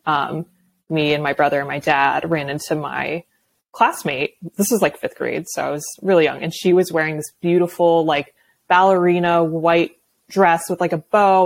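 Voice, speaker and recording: A woman's voice: low-pitched, steady tone, moderate pace, vocal fry, no echo. A young adult woman guest on a podcast, candid and loose, laughing often as she tells stories. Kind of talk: casual chat.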